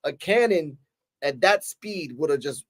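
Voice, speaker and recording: Animated man recapping in a higher voice. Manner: animated, acts out scenes in quick voices; casual, swears now and then. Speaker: show reviewer. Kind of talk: casual review chat.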